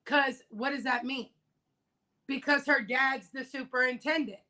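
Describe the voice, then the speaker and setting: A woman's voice: sits high, measured pace, bright, forceful tone, low-quality recording. A woman hosting a casual livestream discussion, talking emphatically and repeating her key points. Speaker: livestream host. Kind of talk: casual discussion of a news case.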